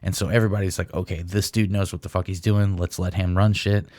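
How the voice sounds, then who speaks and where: A man's voice: deep voice, flat delivery, fast talker, darkish tone, no echo, studio quality. A young man co-hosting a comedy podcast, telling rambling stories full of swearing. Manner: profane, rambling storyteller. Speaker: podcast co-host. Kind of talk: casual comedy chat.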